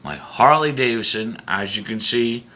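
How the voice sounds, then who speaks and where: A man's voice: on the low side, normal speed, bright, forceful tone. A man delivering an angry, profane rant to the camera as a video blogger. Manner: heated, profane, emphatic. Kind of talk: angry ranting monologue.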